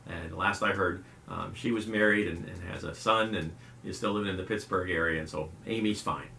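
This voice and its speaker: A middle-aged youth pastor and video host leads a casual devotional talk, speaking fairly quickly in a low voice with vocal fry. He tells folksy stories and animates the voices he quotes, over slight background noise and roomy echo.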